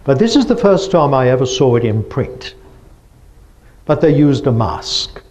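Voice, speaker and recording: A man's voice: medium pitch, big pitch swings, a little slow, darkish tone. A man giving a lecture presentation, explaining step by step and asking the audience rhetorical questions.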